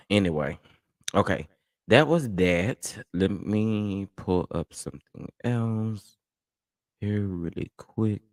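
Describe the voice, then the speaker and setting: Lowish male host, chatty and dismissive livestream commentary, dry close mic. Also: lively intonation, slow, long pauses, no room sound. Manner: chatty, dismissive, laughs often.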